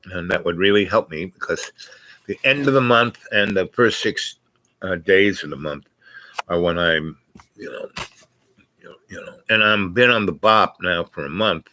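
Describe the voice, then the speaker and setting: A man with a lowish voice rambles through a story for his viewers. He drifts from thought to thought, trips over restarts and fillers, and breaks into small laughs along the way. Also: moderate pace, sharp tone. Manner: laughs often mid-sentence. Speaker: vlogger. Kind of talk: casual rambling monologue.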